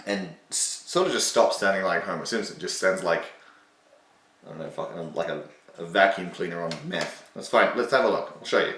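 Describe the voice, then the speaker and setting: A man's voice: low-pitched, brisk, a bit bright, reverberant, recorded from a distance, slight background noise. A man hosting a casual, self-mocking commentary on his own old video, sarcastic and swearing freely.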